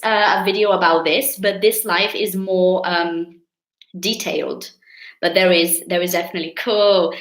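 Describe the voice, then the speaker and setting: Animated Brazilian woman teaching English. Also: medium pitch, reverberant, low-quality recording. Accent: Brazilian Portuguese. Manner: animated, stretches key words, chatty with viewers. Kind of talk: live online English lesson.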